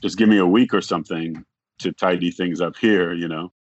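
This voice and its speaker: A man talking as a podcast guest, telling a long story in a rambling way, acting out the other people's lines and filling pauses with "like". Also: low-pitched, steady tone, no room sound, lo-fi sound. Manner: rambling, acts out quoted dialogue, frequent "like". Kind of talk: casual storytelling.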